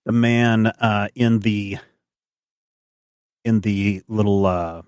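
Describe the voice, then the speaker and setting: A man's voice: fairly low pitch, fairly even intonation, takes it slowly, clear, resonant tone, dry recording, studio quality. A man narrating a tabletop game as game master in a loose, rambling way.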